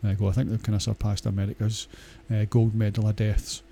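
Dark-voiced Scottish man rambling bluntly. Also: fairly low pitch, flat delivery, fast talker, creaky. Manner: blunt and crude, swears a lot, hesitant with many fillers. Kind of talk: casual rambling monologue.

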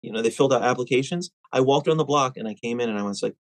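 A man in casual conversation, telling stories in an animated way, with lots of fillers and restarts. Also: medium pitch, rapid-fire, no echo, low-quality recording. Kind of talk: casual chat.

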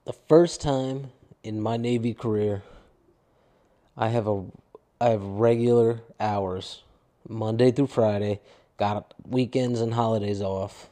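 A young adult man talks alone into his podcast mic, rambling and swearing with a tired, downbeat edge. His voice is mellow and warm, never bright. He drifts loosely from one gripe to the next. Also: lowish voice, fairly even intonation, takes it slowly. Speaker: podcast host. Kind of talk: casual solo podcast rant.

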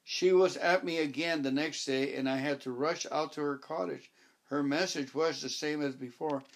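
A man's voice: a little high, fairly even intonation, normal speed, vocal fry. Wry male audiobook narrator.

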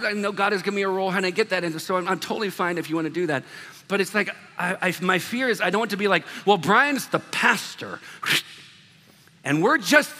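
A male pastor delivering a sermon in a relaxed, chatty way, full of animated asides and self-deprecating stories. His voice sits high and sounds bright and forceful. It rings out with a long echo, as if in a large church hall.

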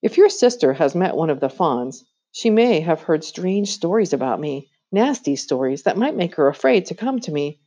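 A woman's voice: deep voice, big pitch swings, moderate pace, hardly any pauses, dark tone. A woman voicing a cold, scheming queen who coaxes a boy with sweet, commanding persuasion, in a storybook reading. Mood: sly.

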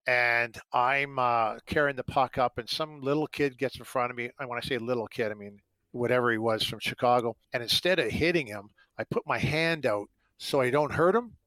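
Bright-voiced middle-aged man telling stories. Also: mid-range voice, moderate pace, no room sound, rough recording. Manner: rambling anecdotes full of fillers, acting out quotes. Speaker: guest, former hockey player. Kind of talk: storytelling in an interview.

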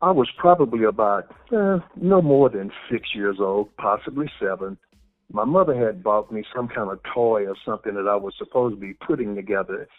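A man's voice: lowish voice, normal speed, narrow, tinny audio, faint music behind. A man hosting a podcast who tells a childhood story in a reflective way and affirms his guest often. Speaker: podcast host. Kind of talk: conversational interview.

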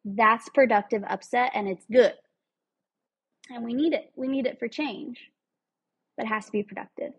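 A woman's voice: fairly high pitch, normal speed, long pauses, breathy edge, rough recording. A woman speaking in an earnest, emphatic way, giving a casual motivational talk with some rambling asides.

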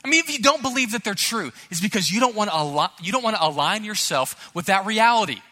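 A man's voice: sits high, expressive, fast, sharp tone. A male pastor preaching a sermon with emphatic, earnest delivery and storytelling asides, recorded in a church sanctuary. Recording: long hall reverb in a church.

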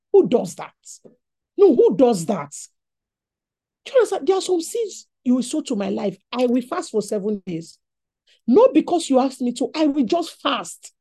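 A woman with a Nigerian accent preaching a sermon in an animated teaching style. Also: high-pitched, slightly rough.

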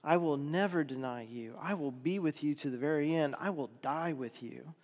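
Preacher guy doing an earnest disciple, loud and insistent, higher voice, big hall echo. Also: moderate pace, lightly acted. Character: earnest male disciple, bold and emphatic.

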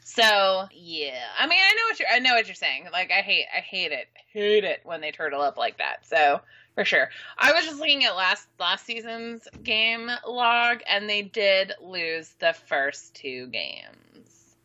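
Female podcast co-host, lively sarcastic delivery, bright tone, muffled recording. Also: mid-range voice, a little slow. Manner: animated, sarcastic, swears freely. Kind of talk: casual sports chat. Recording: dull lo-fi sound.

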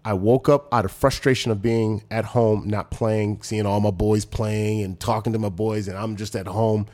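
This is a man in his forties with a fairly low voice, telling his stories in a relaxed chat. He is a former football player. He jumps up in pitch when he acts out other people's lines. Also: normal speed. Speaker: former pro football player, podcast guest. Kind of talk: casual storytelling chat.

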